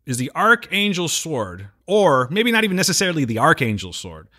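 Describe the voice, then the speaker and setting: A man's voice: a little high, very animated, a little fast, sharp tone. A man co-hosting a podcast, recapping an episode in casual chat and slipping into playful character voices. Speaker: podcast co-host.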